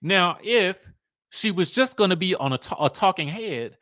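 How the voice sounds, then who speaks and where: A young man speaking hosts a casual live stream, full of sass and playful repetition. His voice is bright and sits a little high for a man. The sound is dry and close, with no room echo. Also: moderate pace. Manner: sassy, animated, playful drawl, repeats himself. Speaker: host.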